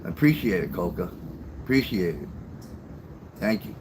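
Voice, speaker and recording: An older man talks casually to his livestream viewers, blunt and salty in his stories. His voice sits fairly low. A faint hiss of background noise runs under the recording. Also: sing-song, normal speed. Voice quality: blunt, profane storyteller. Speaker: livestream host.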